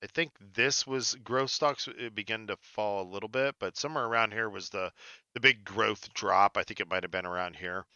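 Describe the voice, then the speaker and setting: Male podcast co-host, bright and forceful tone, animated and jokey, dry slightly dull recording. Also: fairly low pitch, normal speed, clear, resonant tone, dry recording. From United States. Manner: animated, jokey, laughs often. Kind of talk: casual podcast chat.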